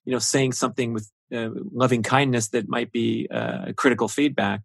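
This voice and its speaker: An American man hosting a podcast, asking questions in a friendly, measured way. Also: medium pitch, fairly even intonation, gravelly, no echo, studio quality. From United States. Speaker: podcast host. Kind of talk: casual podcast interview.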